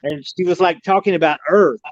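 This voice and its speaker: A man with a fairly high voice spins a long, rambling tale, repeating himself as he goes. His folksy speech comes through a dull, lo-fi line with no room sound around it. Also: brisk, no echo. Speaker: podcast guest recounting an alien encounter. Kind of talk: casual storytelling.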